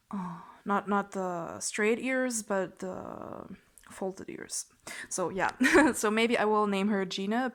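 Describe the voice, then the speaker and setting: A woman's voice: medium pitch, gravelly. A young woman vlogging a plush unboxing, gushing and giggling with many fillers and restarts. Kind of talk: casual unboxing vlog.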